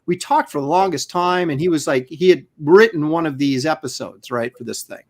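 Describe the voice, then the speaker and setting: A man co-hosting a podcast, telling a casual anecdote in an animated, rambling way with lots of fillers. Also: a little high, fairly quick. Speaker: podcast co-host.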